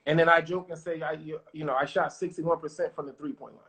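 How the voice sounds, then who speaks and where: A man, a former pro basketball player, telling lively stories as a podcast guest and acting out what people said. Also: on the high side, quick pace. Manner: animated, acts out quotes, confident. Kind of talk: casual storytelling interview.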